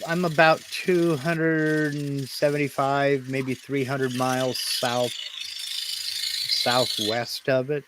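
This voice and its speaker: A man's voice: medium pitch, level tone, takes it slowly. Wry, talkative man with noisy audio. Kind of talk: casual chat.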